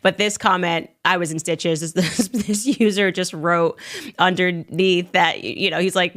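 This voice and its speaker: A woman hosting a casual commentary show, talking in a sarcastic, animated way and laughing as she talks. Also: on the low side, measured pace.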